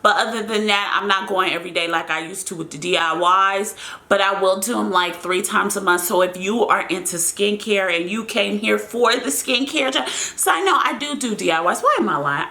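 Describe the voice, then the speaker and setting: A woman's voice: mid-range voice, sharp tone. A young American woman chatting casually to her viewers as she answers their questions in a vlog, rambling and calling them y'all. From United States.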